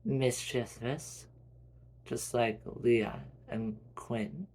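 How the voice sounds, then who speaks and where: A man voicing a gentle, affectionate mother who speaks fondly and calmly. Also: medium pitch, extremely slow.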